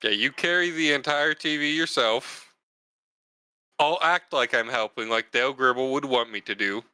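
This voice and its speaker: Male player, casual teasing banter, bright forceful tone, crisp and clear. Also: mid-range voice, moderate pace, dry recording, rough recording. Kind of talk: casual chat during a tabletop game.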